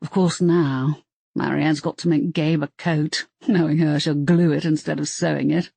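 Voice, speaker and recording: A woman's voice: sits low, steady tone, moderate pace, vocal fry, warm tone, breathy edge, no room sound, exaggerated voice. A woman voicing a cheerful male werewolf family man who rambles on about his kids. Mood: chatty.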